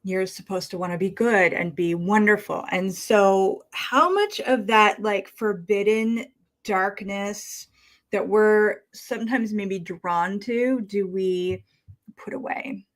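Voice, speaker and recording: A woman hosting a casual live stream, talking with a slight lisp from costume fangs, musing and trailing off as she speaks. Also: medium pitch. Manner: slow, musing, trailing off and restarting. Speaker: livestream host.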